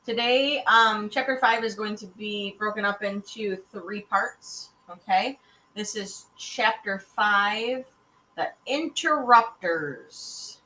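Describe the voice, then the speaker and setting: A woman teacher reading a chapter book aloud to second graders in an expressive, animated way. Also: mid-range voice, slow. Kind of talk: reading a storybook aloud to children. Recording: echoey room.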